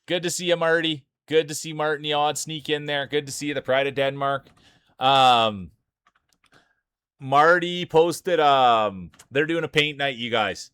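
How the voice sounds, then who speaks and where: A man's voice: fairly high pitch, normal speed, a bit bright, clean tone, dry recording. A man streaming live, calling marble races like a sports announcer and greeting viewers by name. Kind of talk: live stream race commentary.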